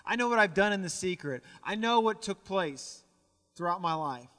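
Young male pastor, high bright voice, earnest sermon delivery, long church reverb. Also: lively intonation, moderate pace. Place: church sanctuary.

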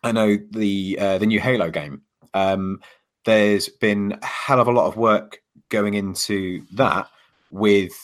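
A man's voice: lowish voice, fairly even intonation, slow. A man in casual podcast chat, talking hesitantly with many fillers and restarts.

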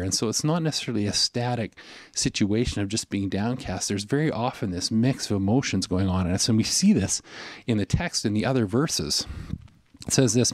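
A man's voice: fairly low pitch, lively intonation, brisk, no echo. A man preaching a sermon in a reflective, conversational way, often using fillers as he thinks aloud. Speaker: pastor.

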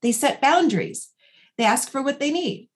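A woman's voice: sits high, normal speed. Woman in her 40s chatting on a podcast, therapist, tells stories and does the voices. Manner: animated storyteller acting out dialogue. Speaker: therapist and guest. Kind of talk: conversational podcast interview.

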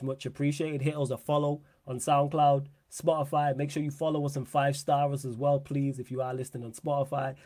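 A man's voice: a little high, no echo. A young man hosting a live football podcast stream, chatting casually in slang and repeating himself, close to the mic. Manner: animated, laughing slang-heavy banter, repeats phrases. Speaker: podcast host.

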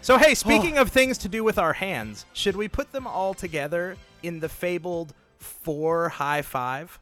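A man's voice: high-pitched, lively intonation, a little slow, a bit bright, faint music behind. A man co-hosting a podcast, teasing his friends and laughing often in casual chat. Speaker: podcast co-host.

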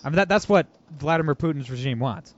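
A man hosts a political podcast in a fairly high, animated voice, quick to mock and laugh. The audio sounds dull and lo-fi. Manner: animated, mocking, laughs often. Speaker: podcast host. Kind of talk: casual political podcast chat.

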